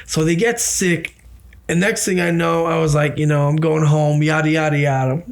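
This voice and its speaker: A man's voice: on the high side, normal speed. A man co-hosting a casual podcast, telling a long story with plenty of swearing. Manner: profane, storytelling, animated. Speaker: podcast co-host. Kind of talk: casual chat.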